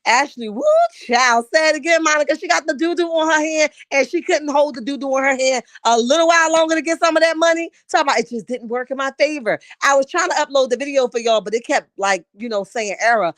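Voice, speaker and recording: A woman rants in a sassy, scolding way while reading comments on a live stream. Her voice sits high and is wearing hoarse. The sound is dry and close, with no room echo. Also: fast talker, few pauses, fairly bright tone. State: losing her voice. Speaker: YouTube commentary host.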